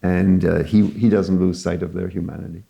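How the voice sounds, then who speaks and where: An older man with a low, gravelly, mellow voice, speaking as a cardinal at a university panel. He answers slowly and carefully, pausing often with fillers. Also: flat delivery, dull audio. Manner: measured, hesitant, many fillers.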